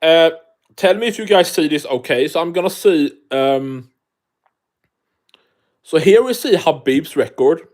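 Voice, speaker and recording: A man's voice: fairly high pitch, expressive, unhurried, pauses often, darkish tone. A man from Sweden, hosting a casual live stream, chatting and reading the chat aloud while swearing freely.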